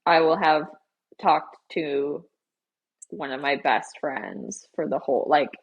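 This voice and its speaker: A young woman co-hosting a podcast, talking in a chatty, animated, over-explaining way. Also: low voice, slow pace, husky, highs cut off. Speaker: podcast co-host. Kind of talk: casual chat.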